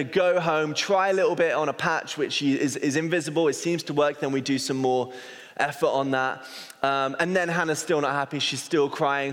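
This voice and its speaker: A man's voice: medium pitch, fairly bright tone. A man in his thirties, an associate pastor, telling a personal story in a chatty sermon and often correcting himself mid-sentence. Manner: chatty, self-correcting, anecdotal. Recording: long hall reverb.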